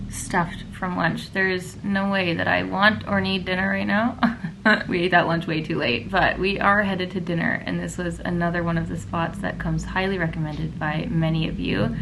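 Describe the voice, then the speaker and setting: A bubbly woman talking to her camera in a casual travel vlog, gushing about everything and laughing often. Her voice drops into a gravelly fry at phrase ends. Clear background noise and ambience hum under her. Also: medium pitch. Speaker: travel vlogger. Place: hotel room and city streets.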